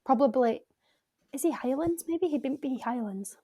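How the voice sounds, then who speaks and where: A woman's voice: high voice, lively intonation, normal speed, warm tone, no echo. A young woman from Scotland with a Scottish accent, chatting casually as a podcast guest, modest and self-deprecating. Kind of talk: casual chat.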